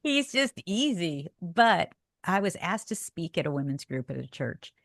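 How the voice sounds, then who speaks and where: A woman's voice: a little slow, no echo, studio quality. An older woman guest telling a story in a podcast interview, acting out quotes with big swings in her voice. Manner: expressive, acts out quotes with big pitch swings.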